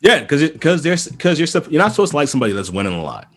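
Heated, animated podcast host. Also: male voice, a little high, rapid-fire, a little hiss or hum. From Boston area. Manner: animated, heated, many restarts and profanity. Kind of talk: casual chat.

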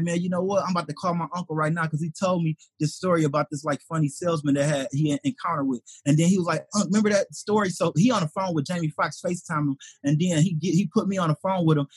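A man's voice: fairly high pitch, breathy edge, no room sound. A man from Detroit, a stand-up comedian, telling a story in conversation and acting out the voices of the people in it. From Detroit, USA. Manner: animated, acts out quoted voices.

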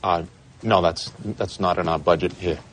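A man's voice: sits low, steady tone, normal speed, background noise, natural voice. An actor playing a nervous store clerk who stammers through his answers in a film comedy scene. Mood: flustered. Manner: stammering, hesitant. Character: nervous, flustered young male store clerk.

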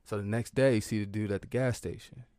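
Podcast guest, man, low voice, dry close sound, loose profane storyteller. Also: fairly even intonation, fast, dark tone, no room sound. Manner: loose and profane, with many fillers and laughs. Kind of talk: casual storytelling.

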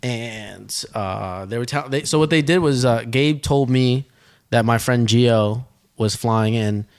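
Young man, podcast co-host, casual rambling storytelling, mid-pitched voice. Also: takes it slowly. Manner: rambling, animated storytelling with restarts.

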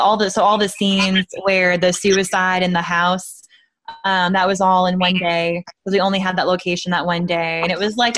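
A woman's voice: on the low side, fairly bright tone. A woman, an actress guest, answering questions in a casual interview, rambling with many fillers.

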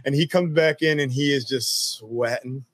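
Laid-back, profane American army veteran. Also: male voice, mid-range voice, normal speed, no room sound. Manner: laid-back, profane, laughs while telling stories. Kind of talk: casual storytelling interview.

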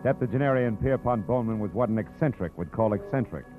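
An actor playing a wisecracking hard-boiled private detective in a 1940s radio drama, narrating in a wry, tough voice. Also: male voice, lowish voice, animated, quick pace, faint music behind, natural voice. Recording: tinny old radio broadcast.

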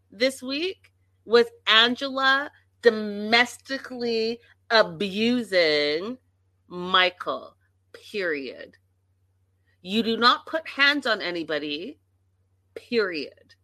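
Slow, bright-voiced indignant woman vlogger. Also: fairly high pitch, lively intonation, dry recording. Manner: emphatic, indignant, swears freely. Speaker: reality TV commentator. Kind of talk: casual opinionated recap.

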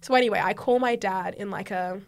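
A young woman, a podcast guest telling a story in casual chat and acting out the quoted lines with big swings in loudness. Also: medium pitch, fairly quick. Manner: animated, acts out quoted dialogue loudly.

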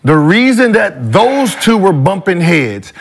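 A man in his forties argues a point over and over in a heated casual debate. His voice sits high and swings widely in pitch as he presses his case. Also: very animated, a little slow, gravelly. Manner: insistent, argues with repeated points. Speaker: podcast co-host, former player.

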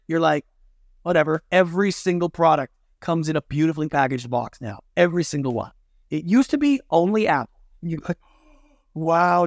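A middle-aged man, a film producer and business consultant, chatting in an interview in a lively way and acting out quoted voices. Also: on the high side, no room sound, clean studio sound. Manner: animated, acts out quoted voices, many "like" fillers. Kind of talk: casual interview conversation.

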